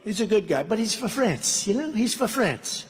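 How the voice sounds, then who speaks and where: A man's voice: high-pitched, big pitch swings, moderate pace, a little hiss or hum. A man giving a rambling, off-script campaign speech at a large rally, acting out dialogue as he goes. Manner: rambling, repetitive, acts out dialogue. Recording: long reverb of a big hall.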